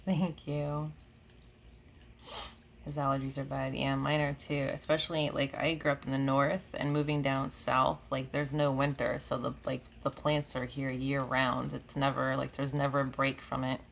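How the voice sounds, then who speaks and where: Low, gravelly-voiced chatty woman streamer. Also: flat delivery, normal speed, a little hiss or hum. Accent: slight Southern drawl. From New York. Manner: chatty, laughs often, drifts between comments. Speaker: reiki healer hosting a live stream. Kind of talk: casual live-stream chat, reading comments. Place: home room with air conditioning.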